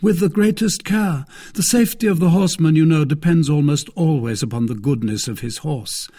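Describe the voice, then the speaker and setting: A man's voice: on the high side, moderate pace, dark tone, breathy edge, voice pushed up. A man voicing an elegant young musketeer poet who speaks in a polished, formal way.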